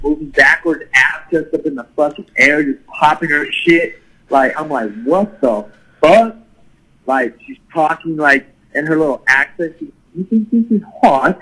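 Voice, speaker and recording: A man's voice: a little high, bright, forceful tone, rough recording. A man telling a crude, profane party story in casual talk, full of swearing and laughter. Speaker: guest storyteller.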